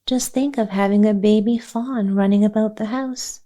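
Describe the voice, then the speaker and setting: A woman's voice: mid-range voice, steady tone, moderate pace, dark tone, close to an everyday voice. A woman voicing an animal-loving girl who begs. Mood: begging. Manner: begging, grieved.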